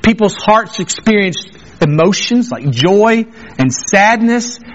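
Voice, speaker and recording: A man's voice: high-pitched, animated, slow. A man preaching a sermon, reading scripture and then explaining it with emphatic repetition. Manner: emphatic, repeats phrases for stress. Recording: dull lo-fi recording.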